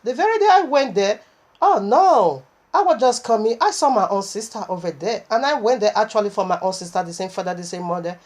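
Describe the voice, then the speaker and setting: A woman's voice: mid-range voice, expressive, a little fast, a little mellow. A woman preaching a sermon, impassioned and repetitive, with stammering restarts as she recounts a vision.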